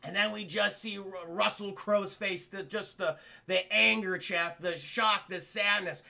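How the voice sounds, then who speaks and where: A man with a very bright, high, gravelly voice gives his live stream audience a casual spoiler review of a film, speaking a little slowly. He's animated, swears freely, and acts out scenes with exclamations.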